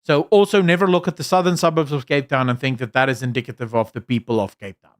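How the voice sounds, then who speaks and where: A man's voice: mid-range voice, steady tone, fast talker. Blunt man streaming. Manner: blunt, rambling, with many fillers and restarts. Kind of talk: casual opinionated livestream chat.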